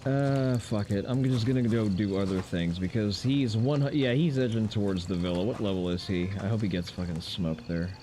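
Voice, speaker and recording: A man's voice: on the low side, normal speed, few pauses, warm tone, a little hiss or hum. A man giving loose, profane gameplay commentary on a stream, with wry asides to his chat. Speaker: game streamer.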